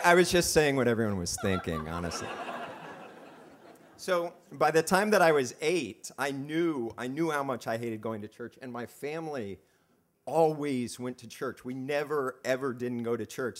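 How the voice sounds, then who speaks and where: A man telling a personal story live on stage, chatty and self-mocking, with many halting restarts. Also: mid-range voice, animated. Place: stage in a club venue.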